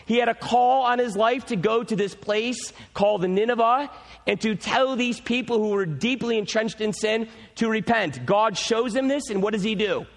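A man preaching a sermon as pastor, telling a story with animated energy. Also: high voice, normal speed. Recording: long hall reverb.

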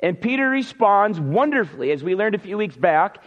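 A man's voice: sits high, very animated, moderate pace, big-room sound, highs cut off. A man preaching a Sunday sermon, earnest and emphatic, repeating key words for stress. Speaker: pastor.

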